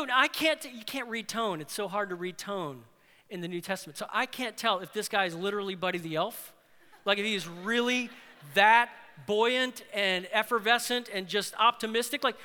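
A man preaching a sermon as pastor, animated, swinging between loud emphatic lines and hushed ones. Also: sits high, normal speed, in a large hall.

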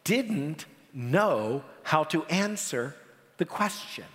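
Male preacher, lively delivery, somewhat high voice, long church reverb. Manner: animated, dramatic pauses, repeats words when emphasizing. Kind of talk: sermon.

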